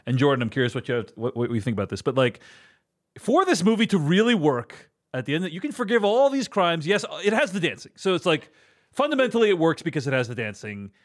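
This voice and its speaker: A man hosts a casual film chat with a fairly high, very lively voice. He talks animatedly and often slips into quoted voices to act out scenes. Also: fast. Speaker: podcast host.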